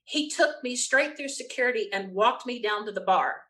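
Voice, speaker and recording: A woman, a guest telling an animated story with quick bursts and frequent laughter. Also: on the high side, rough recording. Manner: lively, quick storyteller who laughs often. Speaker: interview guest.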